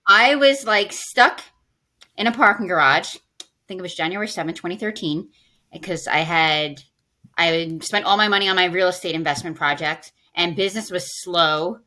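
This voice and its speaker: A woman's voice: lowish voice, normal speed, sharp tone. A woman who works as a financial planner, a podcast guest telling a personal story in casual conversation and acting out her own past lines.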